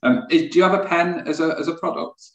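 A man's voice: fairly high pitch, fast, roomy sound, highs cut off. A man hosting a casual interview, affirming his guest.

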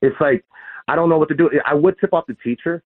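A man's voice: a little high, quick pace. A man calling in to a radio show, flustered and rambling, stopping and restarting often. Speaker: caller. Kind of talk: phone call to radio show. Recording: tinny phone line.

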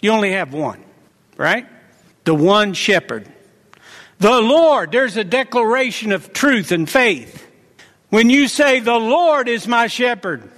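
A man's voice: very high voice, expressive, measured pace, fairly bright tone. A man preaching a sermon, emphatic and exhorting, repeating declarations for weight. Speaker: pastor. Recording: long hall reverb.

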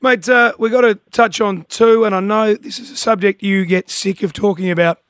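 Australian male breakfast radio host, brisk matey chat, fairly high voice, dry studio sound. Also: fairly even intonation, fairly bright tone, clear, resonant tone, dry recording.

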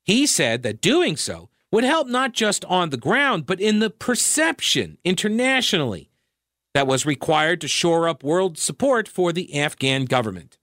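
A man from New York hosting a political talk radio show, delivering a sarcastic monologue. His voice sits somewhat high, and he talks in a loose, conversational way, breaking into asides and correcting himself. The studio sound is dry and close. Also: sing-song, measured pace, fairly bright tone, dry recording.

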